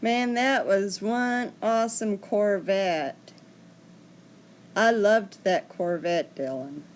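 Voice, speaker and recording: A woman's voice: mid-range voice, takes it slowly. A woman hosting a casual livestream, chatting and answering viewer comments. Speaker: livestream host.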